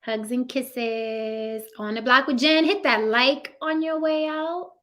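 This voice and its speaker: A woman's voice: high-pitched, takes it slowly, pushed and bright. A young woman hosting a livestream, chatting casually, laughing and reading out comments from her viewers, teasing them in slang. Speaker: livestream host. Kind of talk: casual livestream sign-off, talking to chat.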